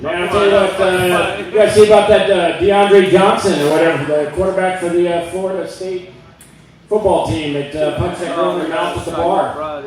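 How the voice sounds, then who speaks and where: Performing stand-up at a club, a man jokes in a relaxed, chatty manner punctuated by quick voiced asides. His voice sits high with fairly even intonation. Sound comes from an echoey room with the mic at a distance.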